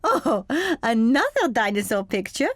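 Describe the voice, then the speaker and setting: Cartoon gazelle teacher, female, kindly and encouraging, very sing-song and unhurried. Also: fairly high pitch, sing-song, no room sound, studio quality. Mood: warm. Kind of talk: cartoon voice acting.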